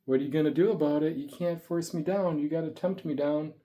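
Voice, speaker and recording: A man's voice: fairly high pitch, steady tone, fairly quick, dark tone, close to an everyday voice. A man voicing his pet female python as a sassy, defiant snake who teases him in smug taunts. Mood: taunting.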